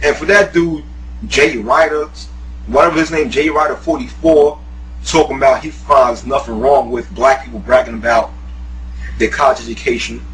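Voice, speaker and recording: A man's voice: medium pitch, steady tone, moderate pace, a bit bright, a little hiss or hum, rough recording. A man delivering a profane, heated video rant, mocking and laughing as he goes. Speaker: YouTuber, guest. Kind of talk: profane ranting monologue.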